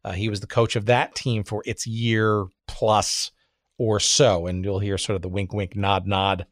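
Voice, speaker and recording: A man's voice: on the low side, little pitch movement, a little slow, no room sound. Chatty male podcast host, dry sound. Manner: chatty, hesitant, many fillers. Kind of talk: casual podcast introduction.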